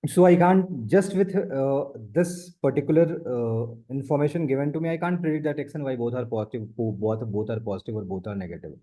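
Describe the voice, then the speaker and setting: A man's voice: mid-range voice, a little fast, hardly any pauses, dark tone. A man tutoring math one on one, explaining step by step and repeating his points. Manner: explains step by step, repeats points, often says the student's name.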